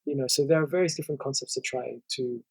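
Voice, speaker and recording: A man, a guest lecturer, explaining ideas in a measured conversational way and stacking up long lists of points. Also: mid-range voice, steady tone, gravelly, slightly rough, no echo, low-quality recording.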